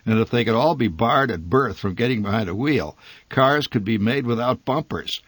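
A man reading a humorous memoir story aloud, with a wry, dry and lively delivery. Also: medium pitch, moderate pace, husky, no room sound. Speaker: narrator.

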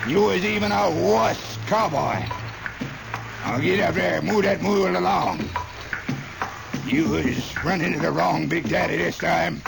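A man doing a hollering gruff cowboy bully. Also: sits high, measured pace, pauses often, loud music behind the voice, pitched above the performer's own voice, heavily acted, low-quality recording. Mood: taunting.

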